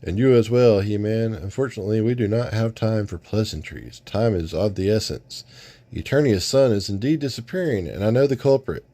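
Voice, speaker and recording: A man's voice: lowish voice, a little fast, mellow. A man voicing a noble male sun warrior from a comic, declaiming in stiff, formal lines. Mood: earnest.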